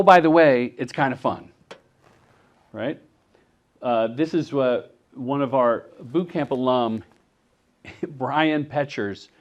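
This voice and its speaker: Animated middle-aged man teaching a workshop. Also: mid-range voice, lo-fi sound. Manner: animated storyteller who acts out quotes. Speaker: commercial director teaching a workshop. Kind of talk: live workshop talk.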